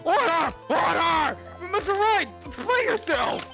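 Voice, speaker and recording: A woman's voice: very high-pitched, big pitch swings, unhurried, gravelly, pushed and bright, faint music behind, exaggerated voice. A woman doing a stern, blustering old judge. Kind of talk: fan voice acting of a game.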